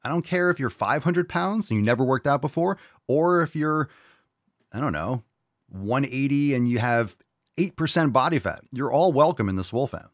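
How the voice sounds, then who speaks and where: A man's voice: medium pitch, animated, moderate pace, dry recording, studio quality. A man hosting a show and answering listener questions, giving a blunt, profane motivational rant. He mocks people in whiny put-on voices.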